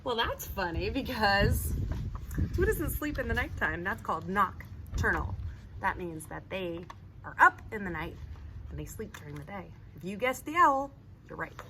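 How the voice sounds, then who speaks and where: A woman's voice: mid-range voice, very animated, normal speed, sharp tone, low-quality recording. A woman reading a children's picture book aloud outdoors, chatting with young listeners between pages and acting out the animal sounds. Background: sirens and street noise.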